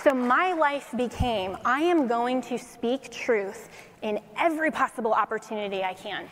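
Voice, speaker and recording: A woman from Colorado giving a faith-based inspirational talk to an audience, telling her story in an animated way. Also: on the high side, moderate pace, in a large hall, a faint crowd, a little hiss or hum. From Colorado, United States. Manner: animated storytelling with acted quotes and laughter. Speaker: speaker addressing an audience.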